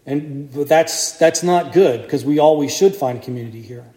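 A male priest preaching a sermon, telling the story with lively acted-out voices. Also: a little high, moderate pace, reverberant. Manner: animated storytelling, acts out crowd voices. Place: church.

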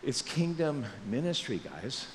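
A male pastor giving a lively sermon, joking and acting out quotes in different voices. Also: medium pitch, unhurried, in a large hall, a little hiss or hum. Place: church sanctuary.

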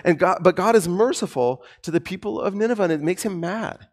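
A man preaching a sermon in a conversational, animated way with light humor. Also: high-pitched, brisk. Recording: long hall reverb.

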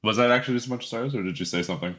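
A man's voice: medium pitch, very fast, fairly bright tone, breathy edge. A man co-hosting a podcast in casual chat, joking and laughing often. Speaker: podcast co-host.

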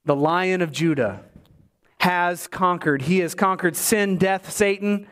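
A man preaching a sermon in church, swinging between emphatic highs and low asides, with joking remarks to the congregation. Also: takes it slowly, fairly bright tone, smooth. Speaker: pastor.

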